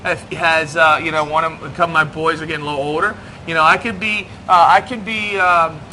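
A man's voice: on the high side, fairly even intonation, fairly quick, bright, forceful tone, slight background noise. A middle-aged man preaching in a church, joking and self-deprecating as he talks to the congregation. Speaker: pastor. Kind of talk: sermon. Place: church hall.

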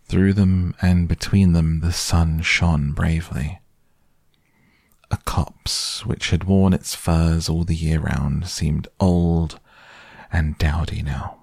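A man with a very deep, gravelly voice reads a children's storybook aloud. He takes it slowly and evenly, with a husky grain to every word. The sound is dry and close, with no room around it. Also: darkish tone, no room sound. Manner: slow, measured reading.

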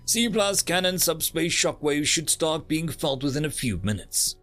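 A man voicing a grim, practical human space captain who briefs in a brisk tone. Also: a little high, sing-song, a bit bright, faint music behind, voice pushed up.

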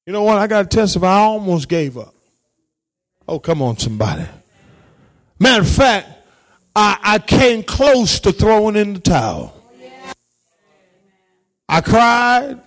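High-voiced preaching pastor, shouting and hushing. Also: male voice, sing-song, a little slow, pauses often. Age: adult, married parent. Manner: calls out to the congregation, swings from shouting to hushed asides. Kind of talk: sermon.

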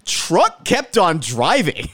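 Male podcast co-host, chatty and expressive, dry close sound. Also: sits high, takes it slowly, no room sound. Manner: chatty, animated commentary. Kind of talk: casual movie recap chat. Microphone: video call.

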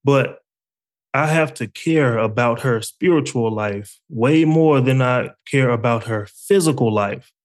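A man's voice: mid-range voice, unhurried. A man hosting a casual faith talk, reflective and conversational, with frequent fillers. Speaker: faith podcast host.

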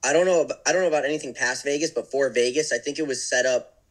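A man's voice: mid-range voice, fast talker, low-quality recording. Easygoing man thinking aloud. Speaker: guest paintball player. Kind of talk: casual chat.

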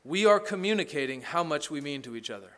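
A middle-aged man delivers a sermon in a loose, conversational style, with a voice that sits high for a man. He mixes wry sarcasm with earnest points and keeps checking in with his listeners. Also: animated, quick pace, fairly bright tone. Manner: conversational, sarcastic humor, asks "right?" often. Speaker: pastor.

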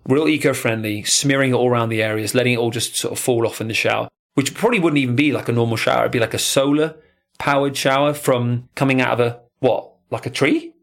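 Brief: casual guy, surf podcast co-host, lively and profane. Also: mid-range voice, fast talker. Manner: animated, swearing, jokey. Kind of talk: casual chat.

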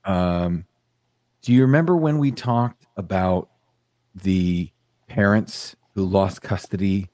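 A man's voice: low voice, slow pace, a little mellow, no echo. A man hosting a casual podcast, reading news aloud with a sardonic edge. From United States. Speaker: podcast host.

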